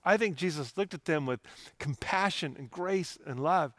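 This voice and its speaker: A man's voice: sits high, moderate pace, a bit bright, no room sound, studio quality. Earnest, conversational male pastor. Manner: earnest, conversational preaching with personal stories. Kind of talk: sermon.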